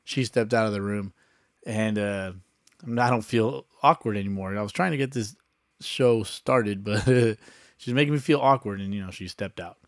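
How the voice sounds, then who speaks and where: A man's voice: lowish voice, moderate pace, no room sound. A young adult man hosting a casual solo podcast, talking loose and profane with lots of fillers into a close mic. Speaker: podcast host.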